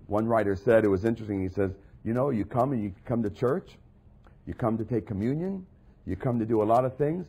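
A man preaching a sermon, moving from quiet asides to loud, acted quotes. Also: medium pitch, sing-song, moderate pace, vocal fry, slightly rough.

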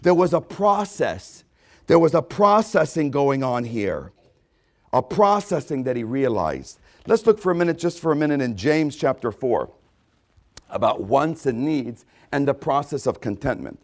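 Emphatic preacher man, lively pitch. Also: unhurried. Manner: emphatic preaching with repetitions and quoted voices. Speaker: pastor. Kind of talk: sermon.

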